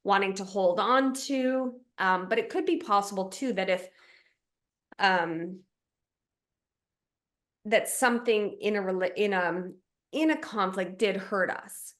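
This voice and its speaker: Brief: female relationship coach, podcast talk, reflective, medium pitch, lays things out step by step. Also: a little slow, pauses often, fairly bright tone. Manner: reflective, explains with examples and checklists.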